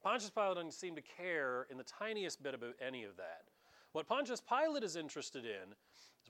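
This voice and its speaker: A man preaching a conversational sermon as pastor, animated and dramatizing, talking straight to his congregation. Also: on the high side, fairly quick.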